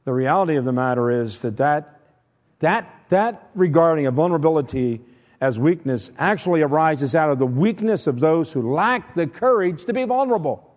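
A middle-aged man preaching a sermon, emphatic, shifting between loud stressed points and quiet asides. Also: fairly high pitch, animated, normal speed. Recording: long reverb from a large hall.

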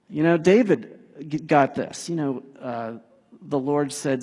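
Man, sermon, husky voice, a bit high, casual animated preaching, long hall echo. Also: fairly quick. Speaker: pastor.

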